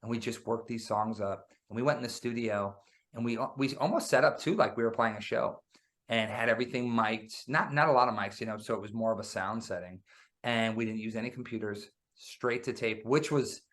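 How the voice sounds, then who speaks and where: A man talking about making a record in a relaxed, animated interview. He tells stories with plenty of energy and keeps dropping "man" into his sentences. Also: medium pitch, brisk. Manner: animated storyteller, says "man" often. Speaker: guest musician. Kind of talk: casual interview chat.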